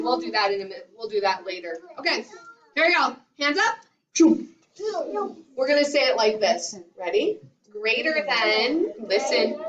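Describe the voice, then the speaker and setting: A woman teaching a classroom math lesson to young children, leading them in sing-song call-and-response. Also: a little high. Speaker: kindergarten teacher. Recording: roomy, distant, dull classroom recording.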